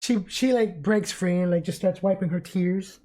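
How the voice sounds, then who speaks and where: Low-voiced woman game master. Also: dark tone. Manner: halting, many fillers. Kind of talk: narrating a tabletop game.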